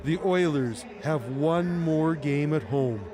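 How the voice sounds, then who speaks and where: A man narrating a news report in a steady, scripted voice-over. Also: a little high, slow pace, a crowd in the background.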